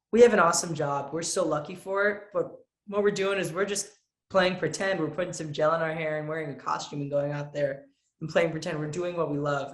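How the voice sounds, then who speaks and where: A teenage boy answering interview questions, earnest and lively, often acting out what others said to him. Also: on the high side, roomy sound. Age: teens. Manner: earnest, lively, acts out quotes with a raised voice. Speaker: young actor, interview guest.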